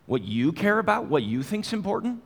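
A man's voice: high-pitched, sing-song, normal speed, creaky, a bit bright, long reverb tail. A man preaching a sermon in a conversational way, asking his listeners direct questions. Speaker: pastor.

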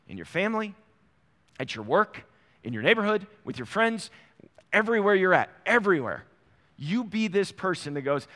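A middle-aged male pastor gives a conversational sermon, slipping into little acted-out exchanges. His voice is bright and forceful and sits a touch high. It carries into a church sanctuary with a long, lingering reverb. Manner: conversational, acts out little dialogues.

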